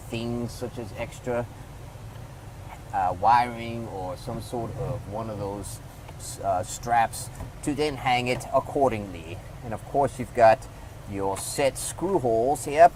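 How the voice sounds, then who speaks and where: A man's voice: medium pitch, darkish tone, slight background noise, rough recording. A man giving a casual hands-on product review, rambling loosely and talking to the viewer as he demonstrates.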